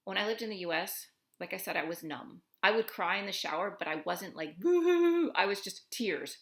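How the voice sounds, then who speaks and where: Brisk and on the low side, this young vlogger from the United States, living abroad, pours out an emotional, sincere monologue to camera, leaning heavily on "like". Her tone is bright and forward, and a clear echo rings through the room.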